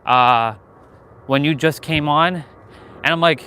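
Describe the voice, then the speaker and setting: Bright and forceful, this man's voice runs on the high side and a little slow, with a touch of hiss or hum. He's out walking with a handheld gimbal camera, live-streaming casual, candid, motivational talk laced with frequent swearing.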